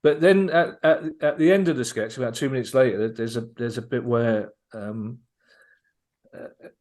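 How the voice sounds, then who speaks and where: A man's voice: medium pitch, moderate pace, a little mellow. A man on a podcast as guest comedian, telling a long, enthusiastic anecdote and often restarting his sentences. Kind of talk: casual podcast storytelling.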